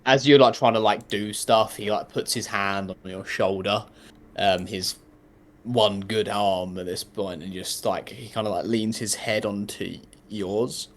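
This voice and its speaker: Slow, halting game-master man. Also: lowish voice, steady tone, slight background noise. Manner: halting, many fillers, soft. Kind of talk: narrating a tabletop game.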